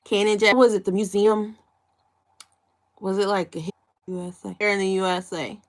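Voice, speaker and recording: A woman's voice: medium pitch, level tone, moderate pace. Giggly young woman live-streaming. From Chicago, USA. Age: 20s. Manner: chatty, giggly, reading out viewer comments. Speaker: livestream host. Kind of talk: casual live-stream chat with viewers.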